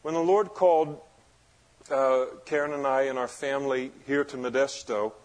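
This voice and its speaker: A man preaching a sermon as pastor, moving between loud emphatic passages and low, quiet explanation. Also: fairly even intonation, normal speed.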